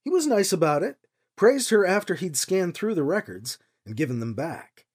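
A woman narrating a novel as an audiobook, with expressive storytelling. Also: fairly low pitch, moderate pace, breathy edge. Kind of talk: scripted narration.

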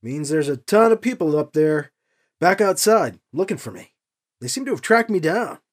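A man raising his voice high to play an earnest young rebel on the run, bright and lively in pitch. He sounds urgent and a little defensive, with a husky edge to the voice, as in a read-aloud sci-fi story. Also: moderate pace.

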